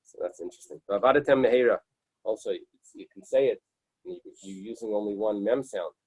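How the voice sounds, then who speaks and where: A man teaching a Talmud study group, reading Aramaic lines and then working through them in English. His voice is husky and sits a little low. He restarts his sentences often, and the sound is dry and close. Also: fairly quick, mellow, no echo, rough recording. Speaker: Talmud class leader.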